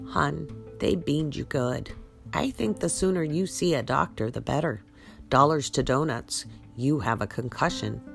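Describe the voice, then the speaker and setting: Folksy, no-nonsense old woman with a low, gravelly voice, as a woman reads her lines in a story. She fusses over a hurt boy with brisk, practical kindness and homespun sayings. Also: soft background music. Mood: caring, brisk.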